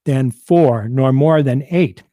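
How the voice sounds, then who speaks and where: A man hosting a civics program, reading out and explaining a state constitution in a measured, deliberate way. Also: medium pitch, warm tone, dry recording, clean studio sound. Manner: measured, deliberate, quotes documents aloud.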